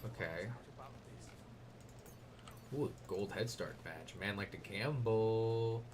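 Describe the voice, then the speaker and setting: A man's voice: lowish voice, slow, pauses often, a little hiss or hum. A man giving casual, crude and playful commentary while he plays a video game. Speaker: gaming streamer.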